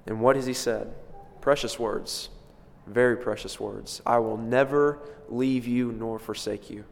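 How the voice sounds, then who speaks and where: Guy preaching a sermon, gets loud then soft for emphasis, big echoey church sound. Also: mid-range voice, steady tone, unhurried, vocal fry. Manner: emphatic, swells and drops in loudness for stress. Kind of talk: expository sermon. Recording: long reverb of a large hall.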